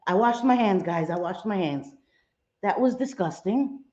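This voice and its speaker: A woman hosts a casual livestream from home, chatting with viewers and tossing in Spanish exclamations. Her medium-pitched voice is animated and darkish at a moderate pace, while the room echoes and the sound is dull and lo-fi.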